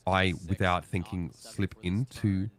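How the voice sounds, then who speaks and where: A man chatting casually on a co-stream in a quick, reflective way. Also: low-pitched, flat delivery. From Australia. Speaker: co-stream host. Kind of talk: casual chat.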